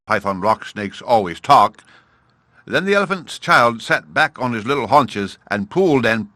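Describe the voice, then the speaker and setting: A man's voice: on the low side, animated, moderate pace, pushed and bright, no echo. A man narrating a classic storybook aloud, addressing his listener fondly as he tells the tale. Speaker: audiobook narrator.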